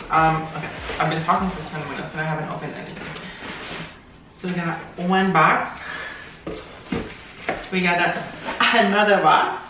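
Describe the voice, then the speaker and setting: Hyper, giggly unboxing vlogger. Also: male voice, high voice, measured pace, pauses often. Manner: hyper and giggly, gasping and exclaiming. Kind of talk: excited unboxing vlog. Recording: roomy, distant from the mic, with music.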